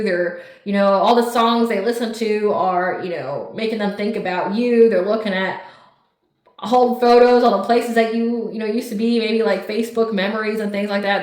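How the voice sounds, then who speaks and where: A woman giving a casual tarot reading, talking bluntly and emphatically with lots of swearing and "like". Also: mid-range voice. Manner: blunt, profane, emphatic, fillers of "like". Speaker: tarot reader. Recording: roomy echo.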